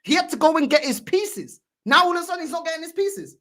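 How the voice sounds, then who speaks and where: High, lively woman ranting. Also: fast talker. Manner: mocking, heated, repetitive. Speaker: fan channel host. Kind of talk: ranting reaction commentary.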